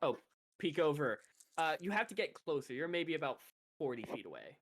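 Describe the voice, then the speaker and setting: A man narrating a tabletop role-playing game as game master, lively and full of restarts. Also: on the high side, fairly quick.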